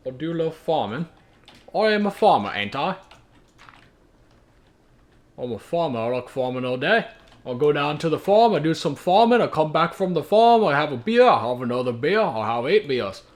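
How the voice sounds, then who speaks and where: A man voicing a cheerful, beer-loving Irish farmer in a put-on Irish accent, rambling loudly in a sing-song way. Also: fairly high pitch, sing-song, moderate pace. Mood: jolly tipsy.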